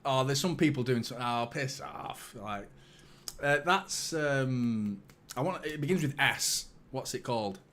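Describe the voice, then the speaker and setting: This is a young man's medium-pitched, slightly bright voice with lively intonation and a measured pace. As host of a fan channel live stream, he runs a casual watchalong chat, swearing plenty and bantering self-mockingly with chat.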